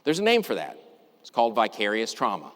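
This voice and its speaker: A middle-aged man telling a personal story in a talk, reflective and measured, with deliberate pauses. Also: on the low side, wildly swooping pitch, a bit bright. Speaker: university administrator giving a talk. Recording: long reverb, as in a hall.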